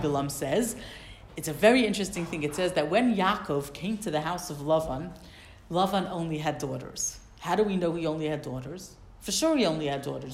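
Female Torah teacher, animated, quoting and translating verses, echoey room. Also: lowish voice. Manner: animated, quotes Hebrew verses then translates.

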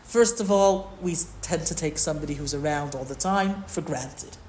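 Lower-voiced woman teaching a Torah class. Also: normal speed, a little mellow, a little hiss or hum. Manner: reads Hebrew verses and translates line by line; conversational, explains with questions.

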